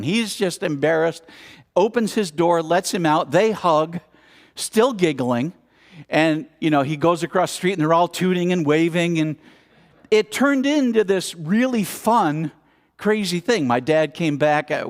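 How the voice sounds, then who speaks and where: A man giving a storytelling sermon at a spiritual center, acting out the scenes with exclamations. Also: a little high. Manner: animated, acts out scenes with exclamations. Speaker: speaker at a spiritual center service.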